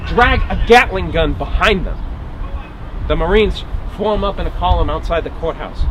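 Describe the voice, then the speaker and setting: A historical reenactor plays a wry, dogged marshal from the 1850s, telling his story as a first-person dramatic monologue full of grumbling asides, in a tense, wry mood. His voice sits high and is expressive at a moderate pace, recorded outdoors with traffic noise.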